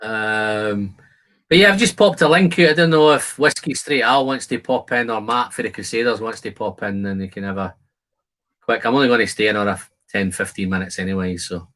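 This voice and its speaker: A man's voice: lowish voice, a little fast, a bit bright, low-quality recording. A man hosting a casual live stream, chatting loosely and laughing often. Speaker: livestream host. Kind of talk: casual chat.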